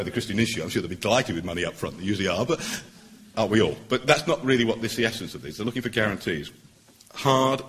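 A middle-aged man, a barrister, giving an earnest, persuasive public speech at a meeting, pausing for emphasis. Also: low-pitched, fairly bright tone.

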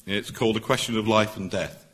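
A middle-aged man, a barrister, giving an earnest, persuasive public speech at a meeting, pausing for emphasis. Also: fairly low pitch, fairly even intonation, a bit bright, a little hiss or hum.

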